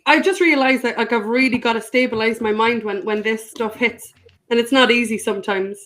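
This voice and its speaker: Soft reflective woman, slightly high voice. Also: fairly even intonation, slight background noise. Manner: soft-spoken, reflective, halting. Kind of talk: casual live online chat.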